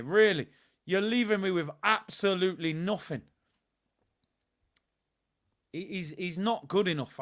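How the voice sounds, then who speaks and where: Male watch-along host, high voice, slangy, flips from grumbling to yelling at chances. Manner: excitable, erupts into shouts at chances; slangy, chats to stream viewers. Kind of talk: live match reaction commentary.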